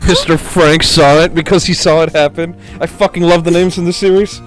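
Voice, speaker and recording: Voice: medium pitch, fairly even intonation, fairly quick, faint music behind. A let's-play host, a bit sick, joking and swearing in casual game commentary.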